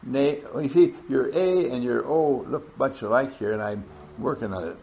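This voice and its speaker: Gravelly man teasing a class. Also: medium pitch, dark tone. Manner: playful and teasing, drawn-out names. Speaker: workshop leader taking roll call. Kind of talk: classroom talk to a group.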